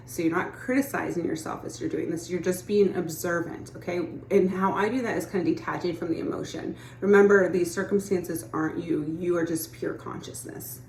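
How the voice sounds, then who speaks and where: A woman with a lowish voice talks casually as a manifestation coach. She keeps things chatty and encouraging and keeps checking that the listener is following. The sound carries a roomy echo. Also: a little mellow, a little hiss or hum. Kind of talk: casual teaching monologue.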